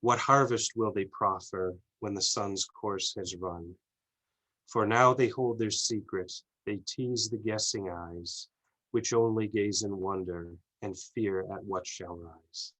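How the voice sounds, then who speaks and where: A poet reads his own verse aloud, each line unhurried. His voice sits fairly low, and he takes his time. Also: fairly bright tone, rough recording.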